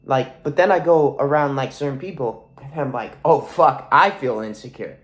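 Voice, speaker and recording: A man's voice: mid-range voice, moderate pace. A man in his twenties with a sore throat and stuffy nose, talking in a rambling, profane monologue to camera. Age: 20s. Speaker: vlogger.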